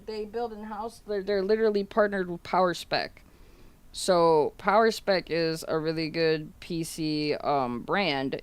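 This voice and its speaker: A woman's voice: low voice, clear, resonant tone. A woman streamer telling a story in a loose, profane, rambling way, laughing as she goes. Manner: laughs through her telling. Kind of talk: casual storytelling to a stream audience.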